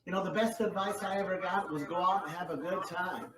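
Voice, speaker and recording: Upbeat ventriloquist man, high, echoey and distant. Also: steady tone, fairly quick, crowd noise. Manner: upbeat storyteller, encouraging. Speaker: guest ventriloquist. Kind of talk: comedy ventriloquism act. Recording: echoey room, distant mic, faint noise.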